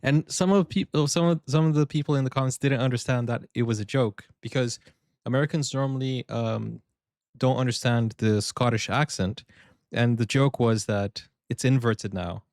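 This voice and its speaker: Male reaction host, jokey banter, laughs a lot, medium pitch, dry close mic. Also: normal speed, a little mellow, no room sound. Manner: joking, laughs often, explains his banter. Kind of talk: casual reaction commentary.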